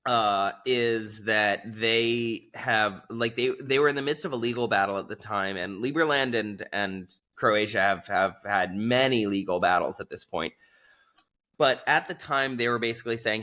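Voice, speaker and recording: A man as an interview guest, telling a rambling, animated story in casual conversation and leaning on lots of filler words. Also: fairly low pitch, normal speed.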